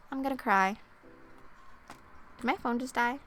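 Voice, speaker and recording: A young woman streamer reading oracle cards in a soft-spoken ASMR style, chatty and thinking aloud. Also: on the high side, a little slow, pauses often, noisy background.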